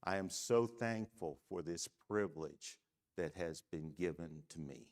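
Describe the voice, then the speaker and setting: A middle-aged man from the United States teaching a church Bible class, measured and emphatic, often checking in with "okay?". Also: low voice.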